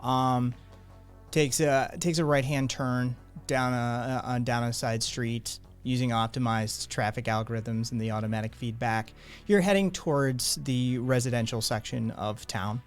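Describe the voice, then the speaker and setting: A man's voice: medium pitch, a little slow, smooth, soft background music. A man narrating a tabletop game as game master, in loose, filler-heavy narration with many restarts.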